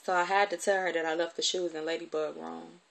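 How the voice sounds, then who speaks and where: A woman's voice: on the low side, fairly even intonation, brisk, creaky. A woman telling a personal story from her childhood in a candid, conversational way, with plenty of profanity.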